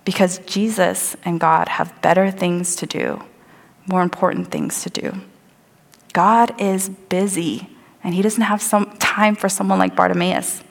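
A woman's voice: fairly low pitch, steady tone, a little slow, creaky. A woman preaches a sermon in a church, drawing listeners into the scene. She tells the story vividly and sometimes acts out what the crowd says. Her voice rings out with a long hall reverb. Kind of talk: sermon with scripture reading. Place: church sanctuary.

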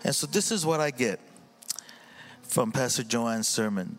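Male pastor, mid-range voice, earnest, halting delivery with fillers. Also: medium pitch, lively intonation. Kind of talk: sermon reflection before communion.

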